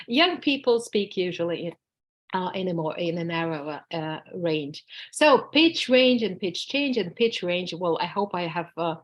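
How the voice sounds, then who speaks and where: A woman with a Russian accent, a native Russian speaker, teaching a workshop on public speaking, speaking hesitantly with frequent fillers and restarts. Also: on the low side. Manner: demonstrates tongue twisters with exaggerated falling tones. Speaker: workshop instructor. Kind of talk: lecture to a workshop audience.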